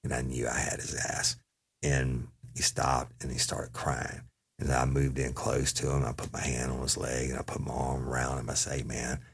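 A man's voice: extremely low pitch, vocal fry, slightly rough. A man telling an audience about a police interrogation, casual and profane, acting out the quoted dialogue. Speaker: storyteller recounting a police interrogation.

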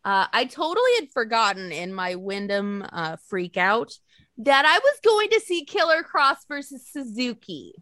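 Animated, swearing woman telling stories. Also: a little high, moderate pace, no echo, studio quality. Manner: animated storytelling, swears freely, acts out quotes. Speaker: podcast co-host. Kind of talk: casual chat.

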